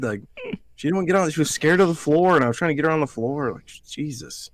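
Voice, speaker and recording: An Alabama podcast co-host with a slightly high voice talks animatedly at a quick pace, with no room sound. In casual chat he rambles through profane stories, performing other people's lines.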